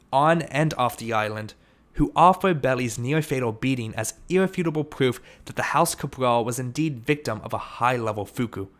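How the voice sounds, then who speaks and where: A man's voice: mid-range voice, fairly bright tone. Man reading an audiobook aloud. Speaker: audiobook reader. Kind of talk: audiobook narration.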